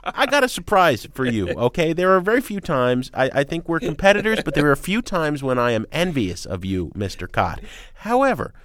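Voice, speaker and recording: An opinionated male music critic co-hosting a radio show, his pitch jumping all over as he hammers his points home. He talks in emphatic bursts with sarcastic asides, close on a dry studio mic. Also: fairly bright tone, dry recording. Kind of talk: animated opinionated chat.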